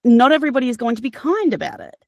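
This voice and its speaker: An Australian audiobook narrator and voice actor, guesting on a casual interview, talks earnestly with lots of fillers and restarts. Her slightly high voice is gravelly yet a little mellow, very animated and rapid-fire.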